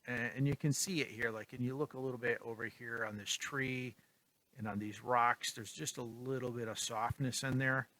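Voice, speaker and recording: A man casually talking through his photos in a vlog, relaxed and rambling with lots of ums. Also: medium pitch, normal speed. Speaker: photography vlogger. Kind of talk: casual tutorial talk.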